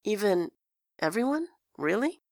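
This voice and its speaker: A woman's voice: medium pitch, lively intonation, normal speed, fairly bright tone, dry recording, close to an everyday voice. A woman voicing a guarded, tired young woman who talks tersely and dryly. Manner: terse, dry.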